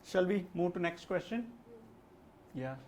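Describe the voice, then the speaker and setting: A man's voice: sits high, animated, a little slow, darkish tone, a little hiss or hum. A man teaching an English test class, explaining answers with lots of "like" and "okay". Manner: addresses a class with questions. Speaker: language test trainer. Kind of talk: live classroom lesson.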